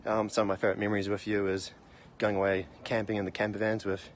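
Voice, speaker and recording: Breathless young NZ man, low flat voice, casual and offhand. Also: fast talker, slight background noise. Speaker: grandson.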